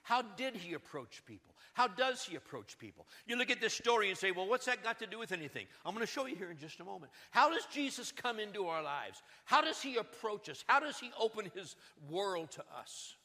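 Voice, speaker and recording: Bright-voiced preacher in a reverberant hall. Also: male voice, high voice, very animated, a little fast, hardly any pauses. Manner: dramatic swings between loud urgency and hushed emphasis. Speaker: pastor. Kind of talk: sermon. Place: church sanctuary.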